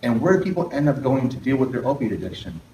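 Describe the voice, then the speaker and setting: A man's voice: mid-range voice, sing-song, fast, muffled recording, background noise. A middle-aged man, a therapist, giving a candid addiction recovery talk to an audience, often throwing questions at the room and adding sarcastic asides. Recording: roomy hall picked up from a distance.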